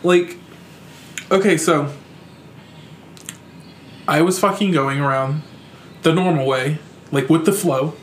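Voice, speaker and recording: A man's voice: on the high side, slow pace, pauses often, a little hiss or hum. A young man hosting a podcast, telling a story in a casual, profane and exasperated way. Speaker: podcast host. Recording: echoey room.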